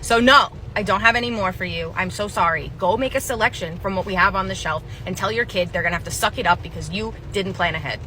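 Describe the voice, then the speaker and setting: Bright sarcastic young woman storyteller. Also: mid-range voice, fast talker, few pauses, a little hiss or hum. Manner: sarcastic, dry, casual. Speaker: storyteller, former retail worker. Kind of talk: comedic storytime and skit.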